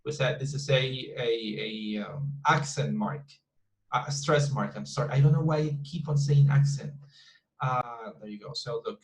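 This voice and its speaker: A man's voice: mid-range voice, normal speed, roomy sound, rough recording. A male teacher, explaining syllables in an online class, often repeating words and restarting his sentences. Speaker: English teacher.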